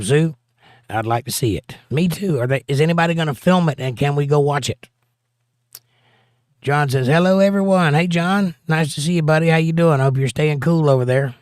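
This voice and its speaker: A man's voice: on the high side, dry recording. A male livestream host reading viewer comments aloud and answering them with dry, joking asides in a casual chat.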